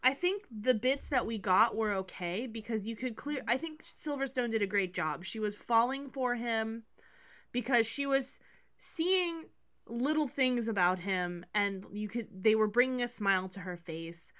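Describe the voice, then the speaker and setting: A woman's voice: a little high, measured pace, a bit bright. A woman co-hosting a podcast in casual movie-review chat, chatty and agreeable. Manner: chatty, agreeable, full of fillers. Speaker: podcast co-host.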